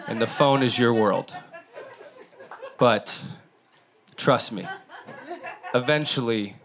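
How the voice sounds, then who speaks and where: A man with a mid-range, slightly bright voice speaks slowly through a crude stand-up routine, riffing and talking directly to the crowd from a comedy club stage. The recording is live, with the audience laughing in the background.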